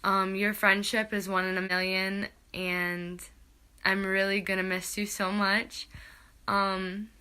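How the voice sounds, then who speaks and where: This is a young woman recording a farewell to her college softball teammate, and she is tearful throughout. Her voice is bright and a little sharp. She talks in halting stretches, heartfelt, with frequent pauses. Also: mid-range voice, little pitch movement, clear, resonant tone. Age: young adult.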